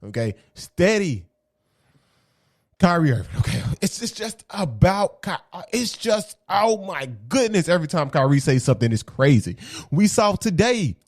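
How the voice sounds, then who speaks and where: Animated man ranting about basketball. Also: high voice, moderate pace, no echo, clean studio sound. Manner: animated, repeats points, keeps asking "okay?"; slangy and conversational. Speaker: sports commentary vlogger. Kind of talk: casual basketball opinion rant.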